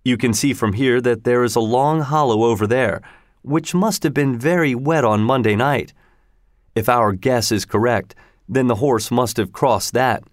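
A man narrating a story as a plain, even audiobook reading. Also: mid-range voice, moderate pace, dry recording, clean studio sound.

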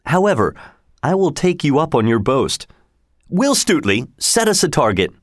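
A man's voice: on the high side, sing-song, normal speed, no echo, clean studio sound. Robin, a man voicing a bold, hearty outlaw chief. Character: cheerful bold male outlaw leader.

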